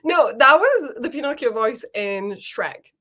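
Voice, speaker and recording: With a high, sing-song voice that sounds pushed and bright, this young woman takes her time as she co-hosts a writing sprint livestream. She chats casually, reads viewer comments, and laughs frequently.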